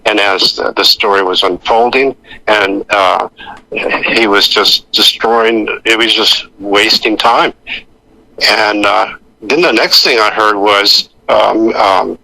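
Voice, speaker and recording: A man's voice: fairly low pitch, steady tone, takes it slowly, creaky, sharp tone, dry recording, poor audio. An older man, an actor guest on a radio interview, telling rambling anecdotes full of restarts and acting out the voices of the people he quotes. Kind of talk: anecdotal storytelling.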